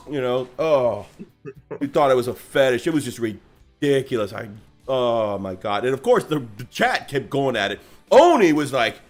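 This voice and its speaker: A man hosting a casual livestream, bantering loudly and laughing as he teases his guests. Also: medium pitch. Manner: loud, laughing, teasing. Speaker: host.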